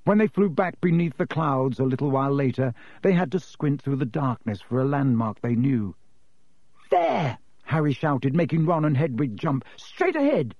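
A man narrating a storybook in a steady, measured reading. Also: mid-range voice, no room sound. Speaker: audiobook narrator. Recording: dull, lo-fi dry recording.

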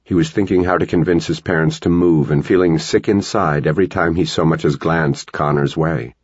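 A man reading a novel aloud as an audiobook narrator, with steady, measured storytelling. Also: a bass voice, husky, no echo, dull audio. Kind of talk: scripted narration.

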